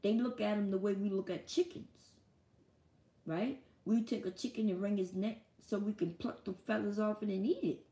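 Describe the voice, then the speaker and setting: A woman from the United States, a live streamer telling a profane, animated story and laughing often, alone in a small room at home. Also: medium pitch, moderate pace, echoey room. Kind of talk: casual storytelling monologue.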